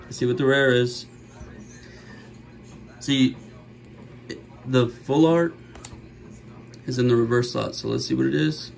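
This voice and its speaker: A middle-aged man hosting a card-opening video, chatting casually and joking, with sudden gasps and bursts of excitement. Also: medium pitch, a little slow, creaky, long pauses, a little hiss or hum, poor audio. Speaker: card-opening channel host. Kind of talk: casual pack-opening commentary.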